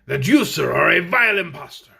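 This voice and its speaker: A man's voice: very high-pitched, very animated, normal speed, gravelly, a bit bright, slightly rough, voice pushed up, exaggerated voice. A man voicing a hot-tempered tin soldier who speaks harshly and indignantly.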